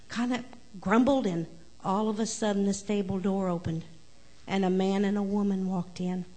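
A woman giving the children's message at church, telling a story in a lively, animated way. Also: mid-range voice, normal speed.

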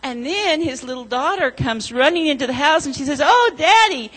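A woman leading a children's sermon, telling a story gently and asking the children questions. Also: high voice, fairly quick, low-quality recording.

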